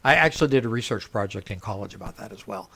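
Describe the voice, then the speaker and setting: A male college professor with a husky, gravelly, fairly low voice talks fast, telling animated anecdotes in a casual podcast interview and frequently restarting his sentences.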